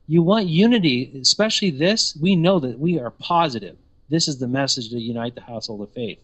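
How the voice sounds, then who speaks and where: A man's voice: medium pitch, lively intonation, brisk. A man giving a sermon-style teaching, emphatic and full of rhetorical questions.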